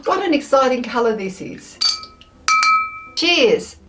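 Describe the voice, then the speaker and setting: A woman with a slightly high, lively voice talks casually to camera as she tries one snack after another. She is expressive and playful, narrating every thought as it comes. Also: slow, over music. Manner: chatty, expressive, thinks aloud; playful, with frequent laughs. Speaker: food taste-test vlogger. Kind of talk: casual chatty taste test.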